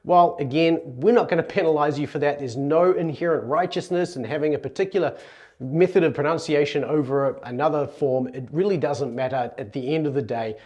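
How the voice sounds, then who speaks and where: Fairly quick and on the high side, with a darkish tone, this New Zealander teaches Greek, walking through pronunciation in a chatty video lesson. He speaks earnestly in a New Zealand accent, stopping to restart and fix his own wording as he goes.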